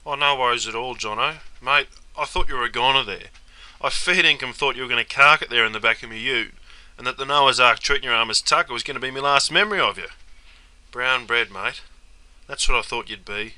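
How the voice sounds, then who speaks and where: A man's voice: mid-range voice, brisk, bright, forceful tone, no echo, rough recording. A young man with an Australian accent playing a laid-back mate full of slang in a comedy sketch. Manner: broad slang-laden banter. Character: laid-back Aussie bloke Bruce, slang-heavy mate.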